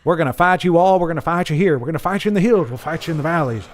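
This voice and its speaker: Man hamming up a loud, boastful backwoods general, higher and quicker than his own voice. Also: close to an everyday voice. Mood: defiant. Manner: boastful, defiant drawl. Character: blustering rustic George Washington, adult man.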